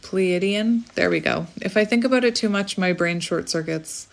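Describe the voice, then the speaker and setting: A woman's voice: mid-range voice, normal speed, vocal fry. A woman giving a casual spiritual tarot reading, chatty and rambling, often breaking off to laugh at herself. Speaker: tarot reader.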